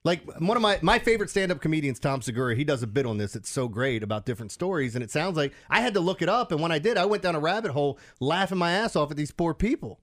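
A man's voice: a little high, sing-song, fast talker, hardly any pauses, fairly bright tone. A man co-hosting a sports radio show, rambling and laughing in casual banter.

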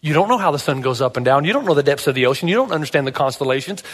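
A man's voice: fairly high pitch, animated, racing, fairly bright tone, big-room sound. A male pastor preaching a sermon, telling stories with animation and asking emphatic rhetorical questions.

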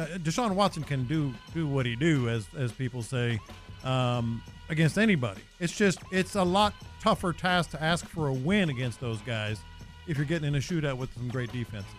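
A man's voice: a little high, moderate pace, soft background music. A man hosting a sports talk radio show, chatting casually and often restarting his sentences.

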